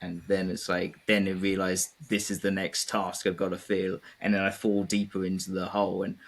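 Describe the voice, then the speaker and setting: Low-voiced english guy, guest in a chat, thinks out loud, lots of uhs. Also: completely flat delivery, moderate pace. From England. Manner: reflective, many fillers and hesitations. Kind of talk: casual conversation.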